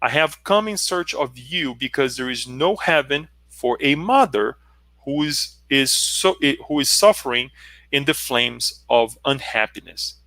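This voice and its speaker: A man reading the lines of a loving spirit mother who pleads gently with her lost son. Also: medium pitch, lively intonation, measured pace, no room sound. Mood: tender pleading. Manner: gentle, pleading, read aloud from a book.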